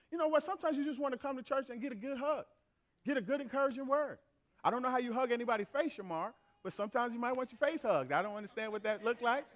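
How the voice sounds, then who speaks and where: High-voiced blunt male preacher. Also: dull audio. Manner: blunt, street-talking, playful with the congregation. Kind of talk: sermon.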